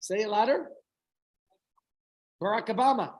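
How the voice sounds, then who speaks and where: A man's voice: high voice, a little slow, poor audio. A middle-aged man, a rabbi, giving an informal talk to a small group, telling a story with chatty asides and questions to his listeners.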